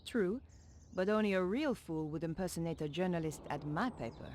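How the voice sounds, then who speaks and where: A woman's voice: fairly low pitch, animated, fairly quick, a little mellow, slight background noise, lightly acted. An actress voicing a determined female newspaper reporter in a video game, asking direct, inquisitive questions.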